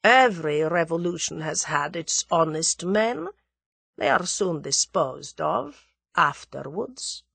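A woman reading aloud, voicing a soft, slow, sinister Russian man with a Russian accent. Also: medium pitch, very animated, creaky, no room sound, heavily acted.

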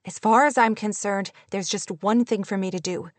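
A woman's voice: mid-range voice, steady tone, normal speed, no echo, natural voice. Woman doing a young teacher, tearful, sobbing, raised voice, dry close sound, audiobook. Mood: hurt, resolute. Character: frustrated young woman, schoolteacher, on the verge of tears.

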